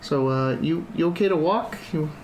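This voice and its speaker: A man's voice: a little high, moderate pace, darkish tone, reverberant, slight background noise. A man running a tabletop game as dungeon master, who laughs easily and rambles with fillers. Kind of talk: casual tabletop game narration.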